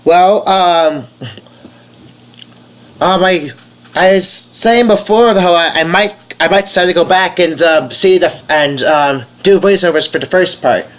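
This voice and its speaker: Young man, nasal, fairly high voice, slow, hesitant, casual game commentary. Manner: hesitant, many fillers and restarts. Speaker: game voice-over YouTuber.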